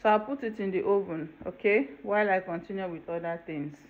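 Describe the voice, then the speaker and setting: Speaking a little fast in a mid-range voice, a cooking channel host guides viewers through each step chattily and checks in with them. The setting is her home kitchen, and the dull lo-fi home video carries faint room noise.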